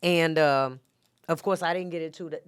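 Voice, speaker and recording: Guest voice: middle-aged woman, reflective, lower register, smooth and clear. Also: fairly even intonation, normal speed. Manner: soft-spoken, reflective storytelling with many fillers. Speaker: podcast guest. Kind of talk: casual interview talk.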